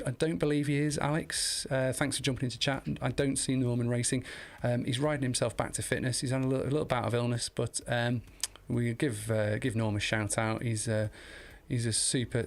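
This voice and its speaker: A man giving live commentary on a virtual cycling race, chatty and talking to viewers in the chat, climbing into excited shouts in the sprints. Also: medium pitch.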